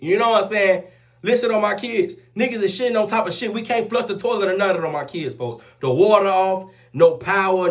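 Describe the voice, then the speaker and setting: High-voiced and animated, a young man vlogs a story in a loose, casual way, heavy on profane street slang. Almost every sentence ends with him swearing on his kids, with lines like "on my kids, folks."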